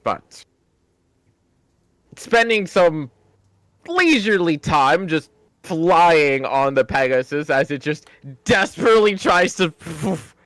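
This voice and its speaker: A man's voice: fairly high pitch, a bit bright, no room sound. A man narrating as dungeon master in a casual tabletop game, swearing freely and laughing often between lines.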